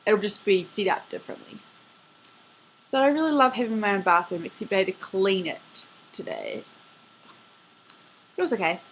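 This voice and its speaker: A woman's voice: medium pitch, very animated, moderate pace, pauses often, a little hiss or hum. Chatty eighteen-year-old girl rambling. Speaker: vlogger messaging her best friend. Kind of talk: casual video message. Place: her bedroom at home.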